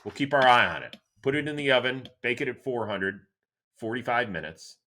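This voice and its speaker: A middle-aged man from Cleveland hosting a solo sports show, answering listener questions in an animated, chatty storytelling way. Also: brisk, slight background noise. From Cleveland, Ohio, USA. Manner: animated, chatty storyteller with lively swings in pitch. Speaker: host.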